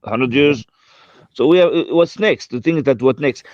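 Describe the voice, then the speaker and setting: Halting man with a slightly dull sound. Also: mid-range voice, darkish tone, no echo. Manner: hesitant, repeats words, many fillers. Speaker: debate participant. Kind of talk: casual online debate.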